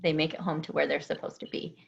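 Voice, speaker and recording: A woman host speaks in a low, soft, measured voice, reflecting on what her guest has shared. The recording sounds dull and lo-fi. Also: flat delivery, gravelly. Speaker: podcast host. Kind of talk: interview talk. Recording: dull lo-fi audio.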